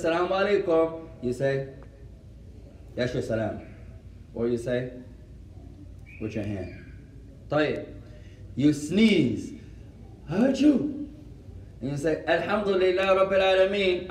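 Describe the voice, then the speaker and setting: A man teaching a mosque lesson and answering questions, mixing Arabic phrases into his English, in a gently instructive way. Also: mid-range voice, slight background noise. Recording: roomy echo, voice from far off.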